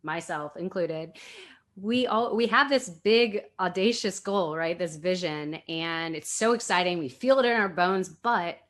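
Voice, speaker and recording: A woman's voice: lowish voice, a bit bright. Enthusiastic woman podcast host. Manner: enthusiastic, affirming, asks reflective questions. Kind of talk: casual interview chat.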